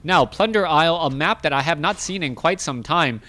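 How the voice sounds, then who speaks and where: A man casts a strategy match on his own, talking through every move in a chatty, self-correcting way. His voice sits fairly high for a man. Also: moderate pace. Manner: chatty, self-correcting, rising excitement in big moments. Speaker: esports caster. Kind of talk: solo play-by-play game commentary.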